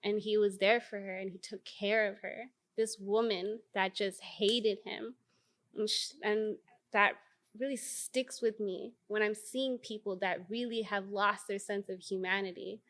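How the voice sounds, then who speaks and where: Woman activist guest, candid and blunt, swears freely, animated storyteller. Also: medium pitch, unhurried. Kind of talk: candid conversational interview.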